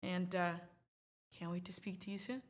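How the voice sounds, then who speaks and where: A woman's voice: fairly low pitch, normal speed. A woman hosting a livestream, talking casually to her viewers in a rambling, playful, chatty way. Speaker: livestream host.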